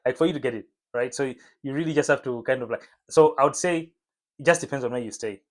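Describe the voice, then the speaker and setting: A man talking casually to camera in a home vlog, relaxed and chatty with lots of fillers. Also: medium pitch, quick pace. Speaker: vlogger. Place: home room lit by a window.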